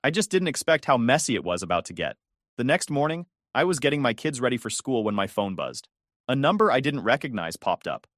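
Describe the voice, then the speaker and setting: Man narrating a story with animated pitch. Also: a little fast, no room sound, clean studio sound. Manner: indignant, emphatic storytelling. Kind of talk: dramatic first-person story narration.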